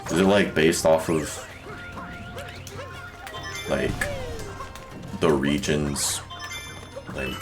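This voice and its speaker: A man's voice: very deep voice, extremely slow, long pauses. A young man streaming a speedrun, chatting loosely with viewers and filling his talk with "like". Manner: rambling, full of "like" fillers. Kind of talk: casual chat with stream chat. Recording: loud game music behind voice.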